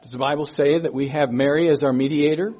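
A man preaching a sermon, slow and emphatic, repeating his key phrases as he works through a Bible verse. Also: a little high, steady tone, a little mellow.

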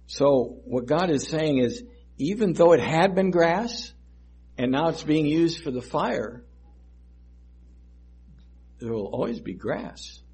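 A man preaching a sermon that teaches through scripture verses, speaking deliberately and repeating phrases for emphasis. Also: on the high side, animated, a little mellow, slightly rough.

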